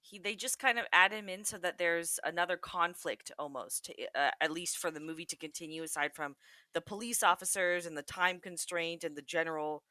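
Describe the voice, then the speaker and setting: A woman's voice: on the low side, steady tone, brisk, bright, forceful tone, no room sound. A woman guesting on a movie podcast, chatting expressively and laughing often. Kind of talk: casual movie discussion.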